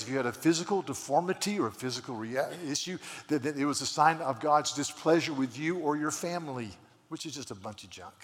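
A man's voice: a little high, fairly bright tone. A man preaching a sermon, retelling scripture stories with many stammered restarts and quoted voices. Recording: long hall reverb.

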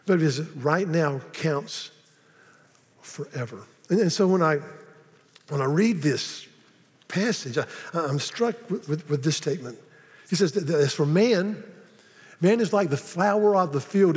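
A man preaching a sermon, often repeating words and slowing down dramatically on key phrases. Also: fairly high pitch, darkish tone. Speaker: pastor. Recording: long reverb of a large hall.

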